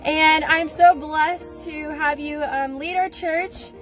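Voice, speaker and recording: A woman's voice: high voice, steady tone, slow, a bit bright, faint music behind. A woman giving a sweet, sincere birthday greeting. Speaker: church member sending a birthday message. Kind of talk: casual video greeting.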